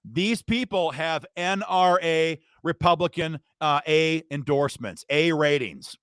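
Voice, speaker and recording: An impassioned man hosts a live advocacy stream, railing indignantly and calling his viewers "guys." His voice sits fairly high for a man, and the sound is dry and close with no room around it. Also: measured pace, fairly bright tone, clear, resonant tone, no echo. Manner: fired-up, indignant, speaks straight to viewers as "guys". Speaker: advocacy livestream host. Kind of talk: impassioned political livestream rant.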